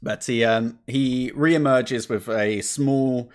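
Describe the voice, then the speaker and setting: A man narrating as game master in a relaxed, rambling way with many fillers. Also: mid-range voice, takes it slowly.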